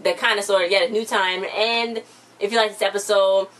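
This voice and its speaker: A woman's voice: medium pitch, fairly even intonation, fairly quick, fairly bright tone, poor audio. A young woman in her late teens, chatting casually as she recaps a TV episode, full of slang and fillers. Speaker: TV recap vlogger. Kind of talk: casual chat.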